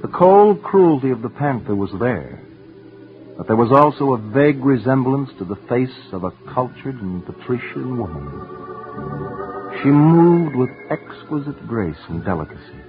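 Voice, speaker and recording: A man giving earnest, intense first-person dramatic narration for a radio story, sometimes dropping to hushed tones. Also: mid-range voice. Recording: tinny old radio broadcast with faint music.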